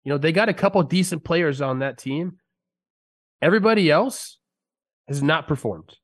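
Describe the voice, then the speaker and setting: A man's voice: fairly high pitch, lively intonation, moderate pace, breathy edge. A man who used to play pro ball, talking sports on a podcast in a heated, emphatic way while sick. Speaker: podcast co-host, former player. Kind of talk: casual sports talk. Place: podcast studio.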